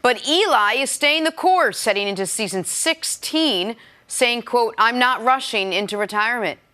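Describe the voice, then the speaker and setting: Woman, sports headline reader, crisp, bright higher voice. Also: lively intonation, moderate pace. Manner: crisp newsreader delivery, light asides. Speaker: news update host. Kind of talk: reading sports headlines on a talk show.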